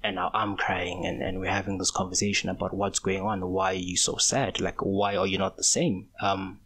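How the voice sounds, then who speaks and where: A man's voice: deep voice, flat delivery, moderate pace, a bit bright, breathy edge. A young man in his twenties hosting a solo podcast, talking in a casual, rambling, slangy way. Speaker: podcast host.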